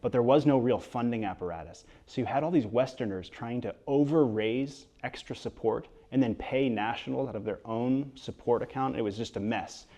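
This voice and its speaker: A man being interviewed about his book in front of an audience, telling stories in a lively way with quick asides and frequent restarts. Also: medium pitch. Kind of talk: storytelling interview talk before an audience. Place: event hall with an audience.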